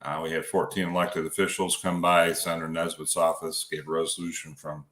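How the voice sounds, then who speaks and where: A man calls in to a radio show as a guest and chats in an easygoing, folksy way. His voice is very deep but bright and forceful. The call sounds roomy and echoey. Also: little pitch movement, brisk. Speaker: guest, county road commissioner. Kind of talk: casual remote interview. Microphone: phone or computer call.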